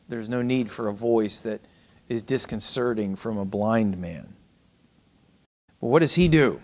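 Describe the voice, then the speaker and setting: A middle-aged man preaching a sermon, swinging between raised cries and hushed, almost whispered passages. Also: fairly low pitch, unhurried, long pauses. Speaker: pastor.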